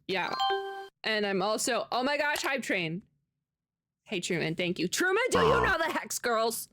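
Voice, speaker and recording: An American woman livestreamer chatting casually with viewers, rambling and laughing often. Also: medium pitch. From United States. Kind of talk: casual chat with live viewers.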